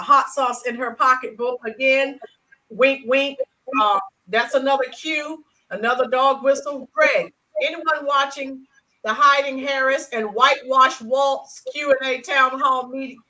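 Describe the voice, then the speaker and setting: Woman co-host, high bright voice, emphatic, reads live chat. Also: low-quality recording. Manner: emphatic, reads viewer comments aloud. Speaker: teacher. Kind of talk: casual live-stream chat.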